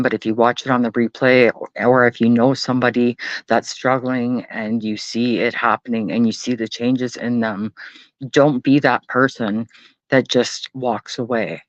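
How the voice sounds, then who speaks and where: A man's voice: mid-range voice, no room sound, dull audio. A man hosting a late-night livestream, talking earnestly and rambling, often swearing. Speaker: livestream host.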